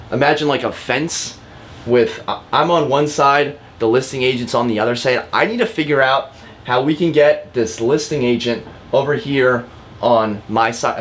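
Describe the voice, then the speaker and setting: A man's voice: medium pitch, slight background noise. A man, a real estate agent, giving a casual lesson to camera, talking directly with frequent fillers and repeats. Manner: chatty and direct, often calls viewers guys.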